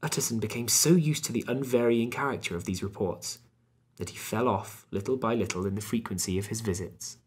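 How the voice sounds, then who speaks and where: A man narrating a classic novel as an audiobook in a measured, steady way. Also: fairly low pitch, slightly rough.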